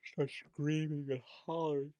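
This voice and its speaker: A man telling a story in a casual interview, animated and profane, acting out other people's lines as he goes. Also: a little high, normal speed, no echo, lo-fi sound. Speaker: guest telling his story.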